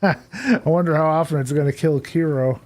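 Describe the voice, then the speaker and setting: A man's voice: on the high side, normal speed, a little mellow. Chatty man thinking aloud as he streams. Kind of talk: casual live-stream commentary.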